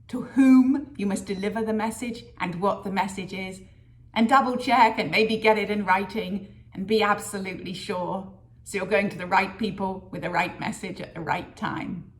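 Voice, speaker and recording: A woman vlogging a workplace story, lively and acting out the voices of people she quotes. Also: medium pitch, normal speed. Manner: lively storyteller who acts out quoted dialogue. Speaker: business leader sharing a career story. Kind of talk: storytelling vlog.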